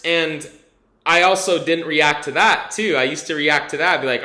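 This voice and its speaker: A man's voice: on the high side, steady tone, moderate pace, pushed and bright, echoey room. A man rambling candidly through a personal vlog testimonial, full of fillers and casual swearing. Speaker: vlogger giving a testimonial.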